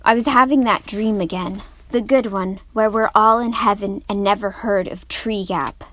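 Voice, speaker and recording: A woman's voice: mid-range voice, steady tone, moderate pace, fairly bright tone, close to an everyday voice. A woman reading the part of a gloomy, sleepy husband, talking in a resigned, sighing way. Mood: weary. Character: weary, gloomy husband who longs for sleep.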